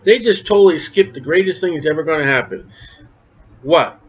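A man with a rather high voice leads a lively verse-by-verse Bible study sermon. He talks in a conversational way and acts out the people he quotes. The recording sounds dull and lo-fi. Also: fairly quick, husky. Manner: animated and conversational, acting out quoted speakers. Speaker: Bible teacher.

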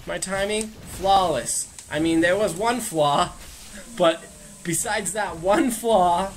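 A woman's voice: fairly low pitch, expressive, slow pace, slight background noise. A woman playing a video game and chatting casually, playful and goofy, talking back at the game. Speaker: gamer. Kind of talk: casual let's play commentary.

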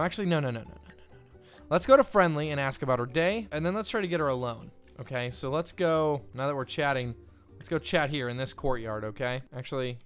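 Young man, high voice, very lively, laughing gaming commentary, faint music behind. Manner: excitable, laughing, rambling asides. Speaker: gaming YouTuber. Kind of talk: let's play commentary.

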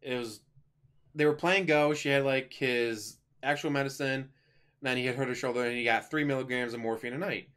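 A man's voice: mid-range voice, fairly even intonation, moderate pace, a bit bright. Rambling, jokey man reviewing a movie. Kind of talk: casual spoken movie review.

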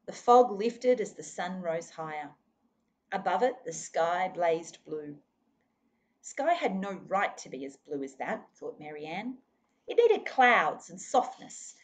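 A woman's voice: mid-range voice, a little hiss or hum. A woman reading a children's novel aloud expressively, now and then speaking to her listeners. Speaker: reader.

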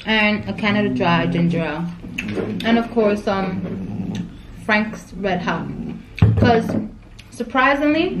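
A woman's voice: mid-range voice, measured pace, pauses often. Chatty woman vlogging in an echoey room. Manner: chatty, addresses viewers directly. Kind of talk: casual mukbang vlog chat. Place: at home. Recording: echoey room with faint ambient noise.

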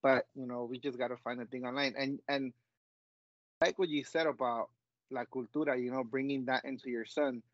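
A man's voice: mid-range voice, steady tone, moderate pace, no room sound. Man co-hosting a podcast, dry muffled sound. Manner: easygoing and rambling, mixes Spanish words. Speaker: podcast co-host. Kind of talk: casual chat.

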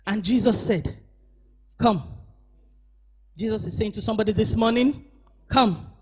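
A woman pastor preaching a sermon at a church service, moving between shouted emphasis and hushed asides and calling on the congregation to respond. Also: mid-range voice, fast talker, slight background noise.

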